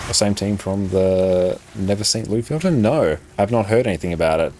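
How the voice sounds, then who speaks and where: A man chatting casually with his viewers while he plays, relaxed and reacting to their messages. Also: on the low side, moderate pace, background noise. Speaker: game streamer. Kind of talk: casual live-stream chat.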